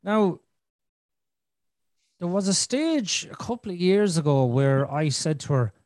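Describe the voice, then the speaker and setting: A man's voice: sits high, very animated, unhurried, a little mellow, dry recording, clean studio sound. A man in his thirties hosting a podcast, telling a frank, rambling personal story and swearing freely. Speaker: podcast host. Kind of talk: candid conversational storytelling.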